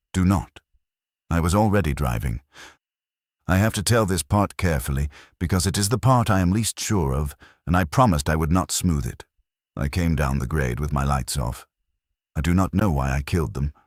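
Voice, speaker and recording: Very deep-voiced man, somber horror narration. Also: no echo, studio quality. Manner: measured, somber, confessional. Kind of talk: first-person horror story narration.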